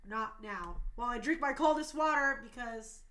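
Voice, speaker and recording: A woman's voice: a little high, moderate pace, fairly bright tone. A woman in her thirties hosting a talk show stream, speaking passionately and emotionally, tearful at times.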